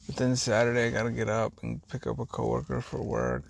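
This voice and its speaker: A man's voice: mid-range voice, little pitch movement, a little fast, gravelly, slight background noise. A tired man hosting a podcast, rambling through a personal monologue with sighs and trailing thoughts, his words sometimes running together. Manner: words run together at times. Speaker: podcast host.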